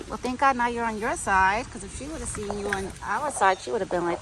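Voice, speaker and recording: A woman chatting casually to camera outdoors while feeding a pet deer, cooing to it in soft baby talk. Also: mid-range voice, expressive, normal speed. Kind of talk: casual outdoor vlog chat. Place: outdoors in a windy yard. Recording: faint wind and outdoor noise.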